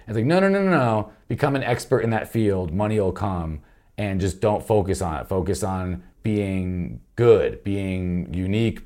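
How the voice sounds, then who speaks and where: Candid rambling comedian, low-voiced man. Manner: candid, rambling, swears freely, animated quoting. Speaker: comedian guest. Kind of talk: casual podcast chat.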